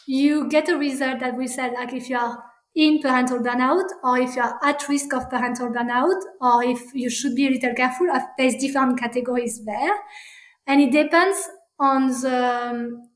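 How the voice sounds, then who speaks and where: A woman with a French accent speaks in a high, bright register. She answers an interviewer's questions hesitantly, restarting her sentences and filling gaps with ums. Her voice rings in a noticeably echoey room. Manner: halting, many fillers and restarts. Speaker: parental burnout practitioner, guest.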